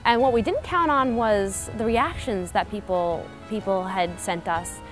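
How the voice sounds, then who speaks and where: A woman's voice: medium pitch, a little slow, faint music behind. A young adult woman cartoonist speaking in an interview, upbeat and earnest.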